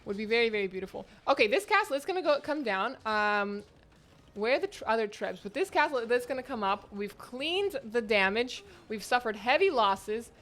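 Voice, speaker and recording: An excitable woman hosts and casts a live esports tournament, giving chatty play-by-play and jumping between exclamations. Her voice is a little high at normal speed, recorded at home near the internet modem.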